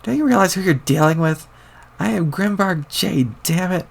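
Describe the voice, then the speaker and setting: A man voicing a haughty tyrant woman, shrill and indignant. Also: moderate pace, vocal fry. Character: haughty tyrant woman losing her cool.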